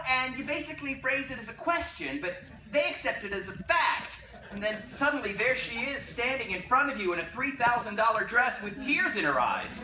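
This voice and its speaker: A woman's voice: high-pitched, pushed and bright. A woman on a theater stage playing a wistful middle-aged man who loves old musical records, confiding wryly in the audience. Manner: confiding, wry, talks straight to the audience. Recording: echoey theater, audience noise.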